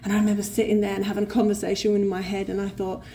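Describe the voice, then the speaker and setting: Speaking very fast with a completely flat delivery, a woman with a London accent shares her recovery live at a convention before an audience, swearing freely and doing the other voices in her story. Her mid-range voice has a warm tone, with a little hiss or hum.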